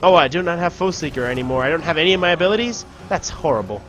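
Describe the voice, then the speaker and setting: A man giving casual let's play commentary on a strategy game, shouting orders and taunting enemies now and then. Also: on the high side, racing, soft background music. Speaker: gameplay commentator.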